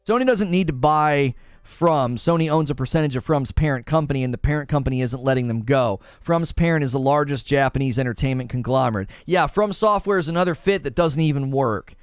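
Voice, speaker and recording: A man's voice: medium pitch, a little fast, few pauses, clean tone, no echo, soft background music. A man hosting a casual gaming live stream, arguing both sides of a point and reading chat messages aloud. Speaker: livestream host.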